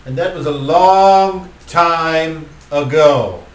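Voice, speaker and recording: A man voicing an ancient, commanding male vampire count who speaks slowly with theatrical mockery. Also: on the high side, pitched above the performer's own voice. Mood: grandiose. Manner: slow, mocking, theatrical. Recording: roomy, distant mic.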